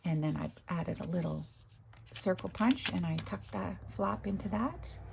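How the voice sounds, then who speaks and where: A woman with a hoarse morning voice, chatting casually as she shows her craft work, often clearing her throat and correcting herself. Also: on the low side, unhurried, background noise. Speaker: craft video host. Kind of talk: casual crafting show-and-tell.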